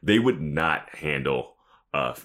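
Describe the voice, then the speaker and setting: Male podcast co-host, very low voice that swings widely in pitch, joking and sarcastic. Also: slow pace. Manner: animated, laughs often, sarcastic asides. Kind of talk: casual episode recap chat.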